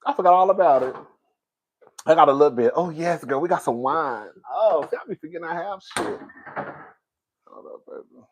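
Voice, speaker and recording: A man's voice: a little high, moderate pace, long pauses, a little hiss or hum. Sassy man with a drawl. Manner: sassy, animated, laughing often, drags words for effect. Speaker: reality TV reviewer. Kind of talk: casual reaction commentary.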